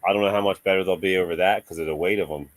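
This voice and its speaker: A man's voice: low-pitched, fairly even intonation, very fast, dry recording. A man in casual chat about remote-control cars, laid-back and chatty, laughing often.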